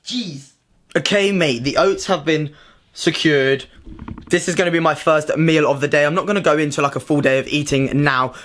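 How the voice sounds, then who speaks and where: A young British man vlogging casually to his own camera at home and in his car, excitable, slangy and full of swearing. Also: on the high side, moderate pace, slight background noise. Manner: excitable, slangy and sweary, keeps saying "mate". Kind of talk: casual vlog chat to camera. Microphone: self-filmed camera.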